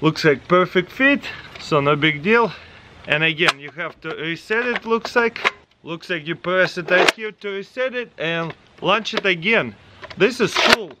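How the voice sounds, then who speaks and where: A man with a Russian accent, vlogging as he tests a dog toy outdoors and calls excitedly to his dog in a sing-song voice. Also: sits high, a little slow, heavy background noise. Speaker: vlogger testing a pet toy. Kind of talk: casual vlog. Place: outdoors with dogs.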